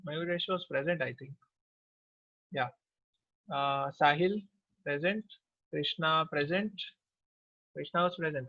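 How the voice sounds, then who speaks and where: A man with an Indian accent, a teacher briskly taking attendance and mixing English with Hindi. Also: a little high, dry recording, lo-fi sound.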